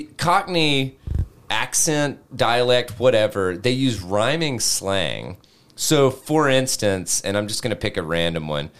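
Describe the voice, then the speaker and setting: A man co-hosting a podcast in casual, animated chat, swearing freely and laughing often. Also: mid-range voice, smooth. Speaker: podcast co-host.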